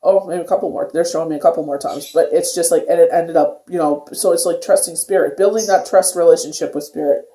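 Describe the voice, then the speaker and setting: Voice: mid-range voice, fairly even intonation, fast, few pauses, dark tone. A tarot reader giving a casual daily reading, rambling loosely with lots of filler phrases. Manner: rambling, filler-heavy talk with many "you know"s. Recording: echoey room.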